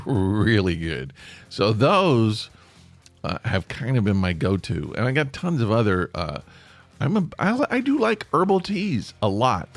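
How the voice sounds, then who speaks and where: A man hosts his podcast solo, rambling along with playful asides and plenty of restarts. His pitch swings up and down, and his voice sounds dry and close. Faint music plays underneath. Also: no echo. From United States. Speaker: podcast host. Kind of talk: casual solo podcast monologue.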